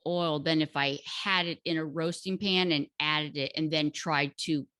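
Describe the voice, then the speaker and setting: A woman in casual chat, explaining a home recipe step by step in an unhurried, hesitant way with many fillers. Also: low-pitched, steady tone, sharp tone, no echo, clean studio sound. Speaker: guest cook sharing a recipe.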